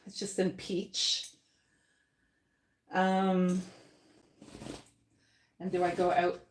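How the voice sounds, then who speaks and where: A woman's voice: on the low side, completely flat delivery, very slow, roomy sound, slight background noise. A woman hosting a live paint-along. She chats with her viewers, thinks aloud and laughs often while she works. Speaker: painting host.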